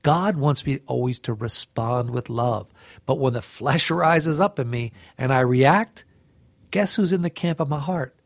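Gravelly middle-aged man, earnest. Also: medium pitch, a little slow, no echo. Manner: earnest and heartfelt, with frequent restarts. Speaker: co-host of a faith reflection show. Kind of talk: devotional reflection.

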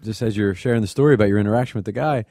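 A man's voice: on the low side, racing, dark tone, no echo, clean studio sound. A man co-hosting a scripture reflection, speaking earnestly and often restarting his phrases. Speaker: co-host of a scripture reflection show. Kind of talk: conversational faith reflection.

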